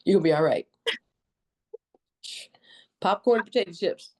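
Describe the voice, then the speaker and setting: Mellow, lower-voiced woman telling stories. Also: unhurried. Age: middle-aged. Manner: animated, joking, colloquial storyteller acting out her own quotes. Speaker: podcast guest, army veteran nurse. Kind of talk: conversational interview storytelling.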